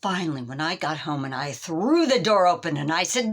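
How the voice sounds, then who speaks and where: A woman performing a comedy sketch monologue, telling a story with animated, exaggerated exclamations. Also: lowish voice, moderate pace, few pauses. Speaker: comic storyteller.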